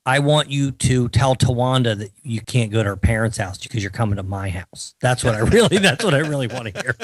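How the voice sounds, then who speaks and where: A man's voice: mid-range voice, fairly quick, dry recording. A man, co-hosting a casual podcast, telling stories with wry teasing. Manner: animated storytelling, wry teasing. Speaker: co-host.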